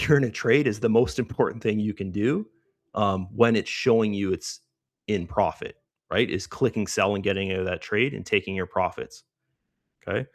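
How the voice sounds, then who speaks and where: A chatty middle-aged man talks through his trades on a live stream with a lowish voice. He keeps tossing in "right?" as he goes, and the sound is dry and close. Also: dry recording. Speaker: trading stream host. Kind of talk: live trading commentary.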